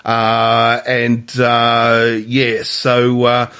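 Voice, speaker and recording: A man's voice: medium pitch, drawn-out words, smooth. An Australian man hosting a film podcast, chatting casually and animatedly with frequent chuckles. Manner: animated, chuckling, hesitant restarts. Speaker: podcast host. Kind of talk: casual chat.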